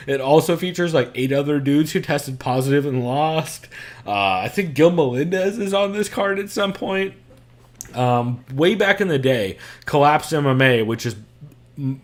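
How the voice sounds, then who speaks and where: A man hosting a podcast, chatting casually from his room at home, rambling, laughing often and swearing freely. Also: mid-range voice. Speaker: podcast host.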